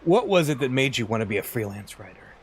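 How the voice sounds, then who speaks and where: A man voicing a stressed, impatient male freelance reporter who loudly tells someone to calm down. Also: medium pitch, fast, slightly rough. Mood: exasperated. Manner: exasperated, loud, pushy.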